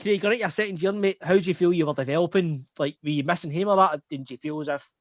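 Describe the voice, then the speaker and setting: Young Scottish man telling stories, slightly high voice. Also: fast, dry recording. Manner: swears often, laughs through anecdotes. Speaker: podcast host. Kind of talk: casual storytelling chat.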